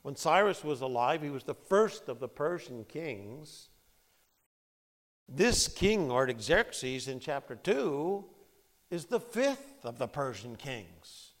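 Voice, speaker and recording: A man teaching a Bible study, reading scripture aloud and explaining it in a lively, conversational way. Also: a little high, takes it slowly. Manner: lively, conversational, acts out quotes.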